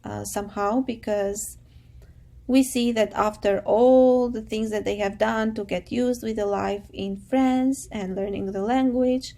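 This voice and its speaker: A woman teacher who calmly and patiently guides her class, summarizing a chapter and reading a novel aloud. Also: fairly high pitch, unhurried, vocal fry. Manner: calm, patient, guiding students.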